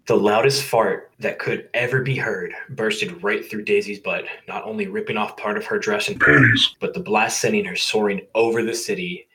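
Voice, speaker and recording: Casual male reader, bright and lowish, reading a comedic story with asides. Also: low-quality recording. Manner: reads aloud, breaks off to joke and laugh. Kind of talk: casual comedic read-aloud.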